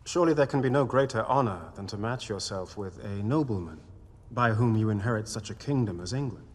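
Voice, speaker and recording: Husky, low noble envoy, measured and persuasive; long reverb. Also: male voice, expressive. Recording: reverberant film soundtrack.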